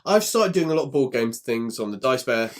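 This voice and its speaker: A man's voice: medium pitch, sing-song, brisk. A man co-hosting a casual podcast chat with a grumbling, self-deprecating streak. He swears freely and talks in a loose, everyday way. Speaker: podcast co-host.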